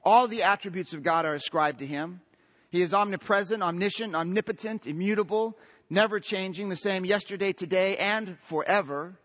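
A man's voice: sits high, normal speed, fairly bright tone. A man preaching a sermon to a congregation, emphatic and building long lists, calling for amens. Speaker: pastor. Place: church.

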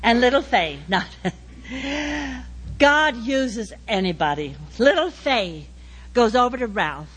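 Animated woman telling a testimony. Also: a little high, slow, pauses often, slightly rough. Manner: animated, acts out voices. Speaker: church testimony speaker. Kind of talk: storytelling testimony.

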